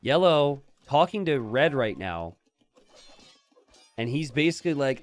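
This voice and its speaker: A man casting a strategy game, chatty and jokey, bursting into excited shouts and laughter. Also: medium pitch, measured pace, pauses often, faint music behind. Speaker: game caster. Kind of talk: live strategy game commentary.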